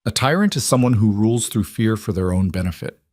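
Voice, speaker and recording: A man with a low voice speaking as a cold, ruthless queen who rules alone, in an icy, clipped and commanding way. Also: lively intonation, a little fast, a little mellow, no room sound, clean studio sound.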